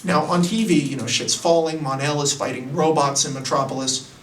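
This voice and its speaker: Excitable high-voiced man pitching a story. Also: a little fast, roomy sound, distant mic, a little hiss or hum. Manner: excitable, profane, acts out characters. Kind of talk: casual spoken story pitch.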